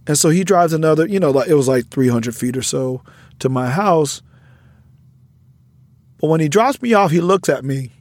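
A man's voice: fairly high pitch, normal speed, darkish tone, dry recording. A middle-aged man hosting a podcast, telling a personal story in an earnest, reflective way that turns emotional. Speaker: podcast host, educator.

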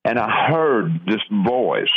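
An older man from the southern United States slowly and earnestly tells his life story in an interview, often stopping to restart. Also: on the low side, sing-song, husky. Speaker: guest sharing testimony. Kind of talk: personal testimony in an interview. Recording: dull lo-fi radio audio.

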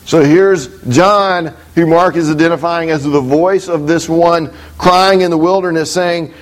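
Man reading scripture in a measured voice. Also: fairly high pitch, steady tone, poor audio. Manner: thoughtful, explanatory, with frequent hesitations. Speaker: Bible teacher.

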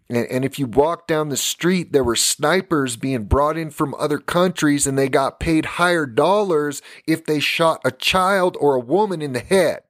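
A man's voice: medium pitch, no echo, studio quality. A man in his forties hosting a podcast, speaking in an earnest, impassioned monologue with bursts of laughter between stories. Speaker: podcast host.

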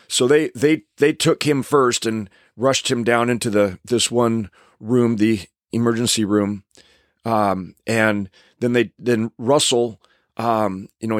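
A man's voice: mid-range voice, no echo, clean studio sound. An older man, a stuntman, telling a casual anecdote in a rambling way with many restarts.

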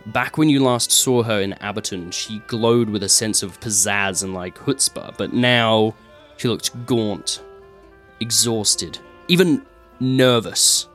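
A man's voice: lowish voice, takes it slowly, fairly bright tone, soft background music. A man narrating a tabletop game as game master, describing scenes with many fillers and sound effects.

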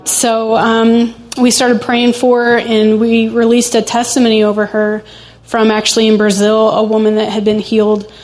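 Woman, higher pitch, flat delivery, chatty church testimony. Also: moderate pace. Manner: chatty, with many fillers and "like". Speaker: church member giving a testimony. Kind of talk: casual spoken testimony.

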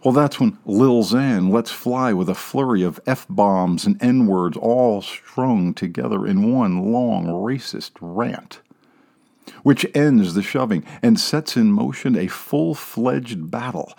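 A man reading a story aloud as narrator, wry and sardonic, dropping into hushed asides. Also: fairly low pitch, takes it slowly, creaky. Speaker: audiobook narrator. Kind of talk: scripted narration.

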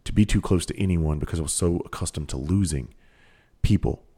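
A man's voice: low voice, a little fast, warm tone, breathy edge. A middle-aged man with a Southern country accent, a podcast host giving a blunt, profane motivational monologue full of rhetorical questions.

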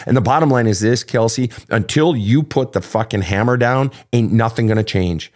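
A man's voice: mid-range voice, normal speed, hardly any pauses, darkish tone. A man hosting an advice talk show as a coach, speaking bluntly and emphatically with heavy swearing. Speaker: podcast host and relationship coach.

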